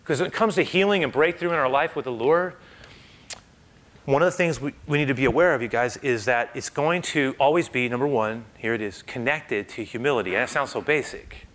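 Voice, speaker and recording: A male pastor preaching a sermon in a conversational, animated storytelling manner, often checking in with "right?". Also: medium pitch, brisk.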